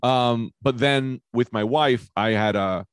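A man chatting on a podcast, a loud, animated storyteller who swears freely. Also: medium pitch, slow, clean tone, dry recording. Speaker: podcast guest, comedian. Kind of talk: casual chat.

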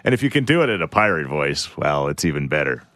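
A man's voice: fast, dry recording, studio quality. A man hosting a morning radio show, joking around in casual banter with his co-hosts. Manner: lively, joking, swings pitch a lot.

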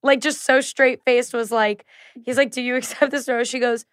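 A woman's voice: a little high, steady tone, moderate pace, a bit bright, no echo, clean studio sound. A woman in casual podcast chat, gushing and laughing as she retells scenes. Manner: chatty, laughs often, gushing.

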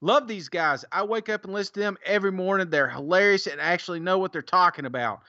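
A man's voice: high-pitched, fast, bright, forceful tone, no room sound, dull audio. A man co-hosting a podcast, reading out listener reviews in a casual, teasing way and laughing often. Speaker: podcast co-host.

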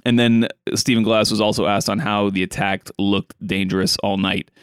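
A man's voice: lowish voice, moderate pace, clear, resonant tone, no room sound, clean studio sound. Man chatting casually about soccer. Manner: conversational with frequent fillers and restarts; reads quotes from a sheet in a flat reading tone. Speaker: podcast host. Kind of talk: casual solo soccer podcast talk.

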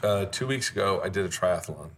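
A man in his forties hosts a cooking show, chatting and telling animated stories with laughs and the odd swear. His voice is bright and forceful, on the lower side, with a faint hiss behind it. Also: a little fast. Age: 40s. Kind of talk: casual chat. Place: kitchen on a show set.

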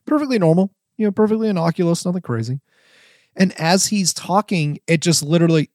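A man's voice: on the high side, brisk, darkish tone, dry recording, clean studio sound. A man telling a story from his work as a wedding videographer, rambling with lots of restarts. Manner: rambling, many likes and restarts. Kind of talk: casual storytelling.

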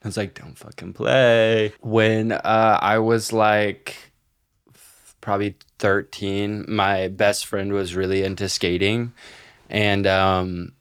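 A young man with a fairly low voice tells stories on a casual podcast. He talks in an animated way, acts out what people said and swears freely. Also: slow, smooth. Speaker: podcast co-host. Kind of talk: casual chat, storytelling.

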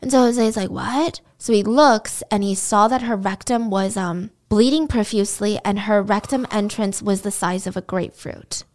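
A woman's voice: medium pitch, normal speed, hardly any pauses, darkish tone. Woman retelling a true crime case. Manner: conversational, indignant asides. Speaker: podcast host.

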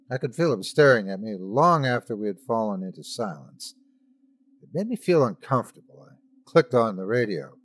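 A man's voice: medium pitch, big pitch swings, moderate pace, dry recording. A man hosting a podcast, giving theatrical, dramatic narration of horror stories. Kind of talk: scripted horror story narration.

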